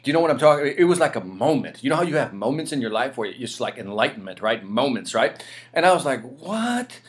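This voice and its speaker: Brief: man in his forties, radio interview guest, energetic storyteller, voice swings up and down a lot. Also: mid-range voice, fast talker. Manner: animated, energetic storyteller peppering "right?" and "you know". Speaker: interview guest, sales speaker.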